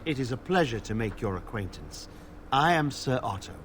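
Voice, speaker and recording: An actor playing a blind, battle-scarred older knight in a video game, speaking in formal, archaic phrases. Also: male voice, medium pitch, sing-song, moderate pace, a bit bright, a little hiss or hum. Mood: solemn. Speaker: game character.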